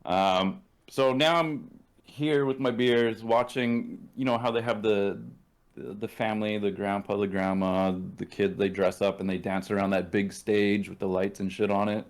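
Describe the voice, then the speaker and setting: Canadian man, low voice, casual profane storyteller, acts out quotes. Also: fairly even intonation, normal speed. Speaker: podcast guest.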